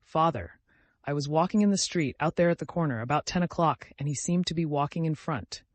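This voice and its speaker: A man's voice: a little high, fairly quick, no room sound, natural voice. A man voicing a timid, devout young woman who speaks in an earnest, pleading, distressed way.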